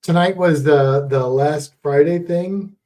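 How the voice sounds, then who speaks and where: A man's voice: a little high, takes it slowly, darkish tone. A man co-hosting a casual livestream chat, rambling and correcting himself as he goes. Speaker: livestream co-host.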